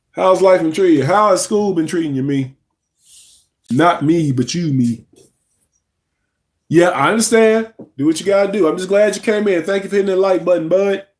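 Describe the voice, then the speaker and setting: A young man, hosting a casual livestream, chatting loosely, reading the chat aloud and yawning now and then. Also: high voice. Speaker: livestream host.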